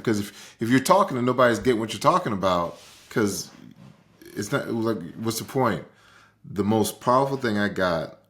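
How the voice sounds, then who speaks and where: A man co-hosting a casual talk show, animated and repeating words for emphasis. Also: on the low side. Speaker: podcast co-host. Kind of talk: casual conversation.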